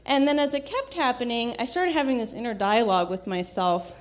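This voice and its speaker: A woman telling a personal story in a casual, reflective way, with frequent fillers, restarts and soft laughs. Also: on the high side, a little fast.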